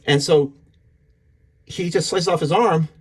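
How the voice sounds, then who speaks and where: A man's voice: on the high side, a little slow, slightly rough. A man casually and enthusiastically recapping a comic book issue, acting out the characters' lines as he goes. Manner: enthusiastic, retelling panels with voices.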